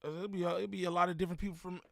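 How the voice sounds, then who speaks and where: Bright, forceful streamer man, dry sound. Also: high-pitched, level tone, very fast, vocal fry, no echo. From Inland Empire, Southern California. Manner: slangy, loose street talk, frequent laughs. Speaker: livestreamer reacting to a video. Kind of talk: live-stream reaction and chat shout-outs.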